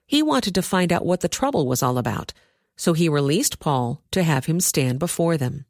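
A woman reading a Bible passage aloud in a steady, measured storytelling manner. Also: low voice, no room sound, studio quality. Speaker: scripture reader.

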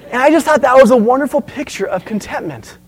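A man's voice: very high-pitched, quick pace, low-quality recording. A man preaching a sermon as pastor, telling stories and asking the congregation questions. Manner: storytelling, animated, asks the audience questions.

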